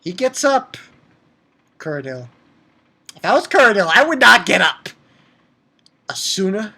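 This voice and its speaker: A man recounts an anime episode in a casual, excitable way, cursing and fumbling with fillers and restarts. His high-pitched voice moves slowly, broken by long pauses.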